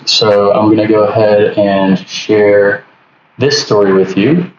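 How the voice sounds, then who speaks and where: A man leading an online workshop as instructor, talking through a walkthrough with lots of fillers and restarts. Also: lowish voice. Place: home setup on a video call. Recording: distant echoey lo-fi recording with noise.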